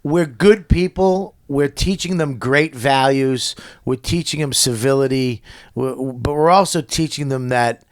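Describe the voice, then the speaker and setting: A middle-aged man with a Boston accent, a comedian guest telling profane, animated stories in casual podcast chat. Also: medium pitch, unhurried, no room sound, studio quality. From Boston area. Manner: profane, animated storytelling with acted-out quotes. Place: podcast studio.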